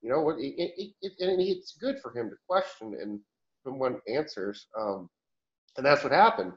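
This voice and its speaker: A man answers questions in a channeling session at an even, middling pitch, rambling through restarts and soft chuckles. The sound is dull and lo-fi, with the top end muffled. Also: moderate pace.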